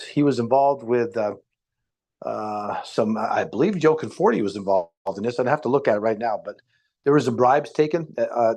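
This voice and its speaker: A man's voice: mid-range voice, darkish tone. An older man, a former police officer from Nevada, telling a long story in a rambling, hesitant way with many fillers. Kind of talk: casual storytelling on a live stream.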